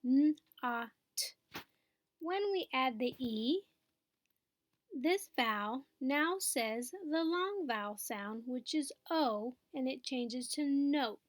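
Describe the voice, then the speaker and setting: High-pitched lady teacher going slow over phonics, dry close sound. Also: lively intonation, no echo. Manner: patient, explains step by step, checks in with "okay?". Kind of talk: phonics lesson.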